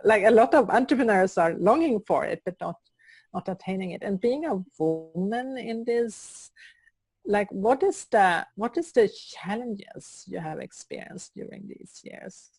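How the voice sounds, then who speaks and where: Woman co-host, real slow, kinda halting, dry close sound. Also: medium pitch, lively intonation, a little mellow, husky, dry recording. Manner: halting, searching for words. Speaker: podcast co-host. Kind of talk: interview questions.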